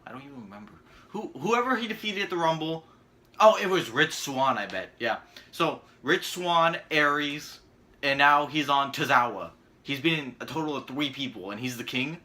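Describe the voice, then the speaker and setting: A man's voice: medium pitch, pushed and bright. A young man hosting his own channel, reviewing a show in a sarcastic, rambling, crude rant. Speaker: channel host, wrestling reviewer. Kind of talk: casual ranting video review.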